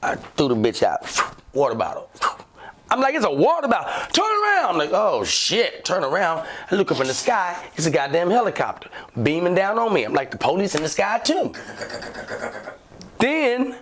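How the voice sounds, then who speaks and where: Animated storytelling man, wildly lively pitch. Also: moderate pace, a little hiss or hum. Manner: acts out shouting cops and himself, swears a lot, lively. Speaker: podcast co-host telling a story. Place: podcast studio.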